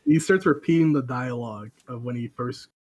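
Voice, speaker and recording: A young man in a casual podcast chat, relaxed and filling in details with a few restarts. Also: mid-range voice, a little fast, lo-fi sound. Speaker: podcast co-host.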